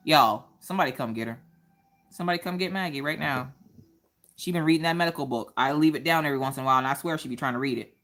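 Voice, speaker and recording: A woman, hosting a casual craft livestream chat and telling stories in an animated way. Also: deep voice, fast talker. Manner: animated storytelling, acts out quoted voices.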